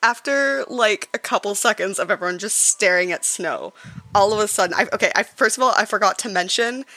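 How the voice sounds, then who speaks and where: A woman's voice: mid-range voice, brisk, bright, forceful tone, rough recording. A woman playing a tabletop game, describing her character in a chatty, rambling way. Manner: chatty and rambling, many fillers. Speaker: player. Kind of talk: casual tabletop role-play.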